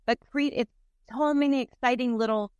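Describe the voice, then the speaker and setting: A woman guest, a therapist, chatting casually with enthusiasm and earnest warmth. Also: on the high side, steady tone, moderate pace, smooth, no echo, lo-fi sound. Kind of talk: casual chat.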